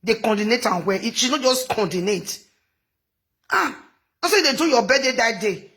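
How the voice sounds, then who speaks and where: A woman's voice: on the high side, lively intonation, normal speed, a bit bright. A Nigerian woman giving rambling, chatty gossip commentary into her phone, mixing in local phrases and laughing often. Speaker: social media commentator.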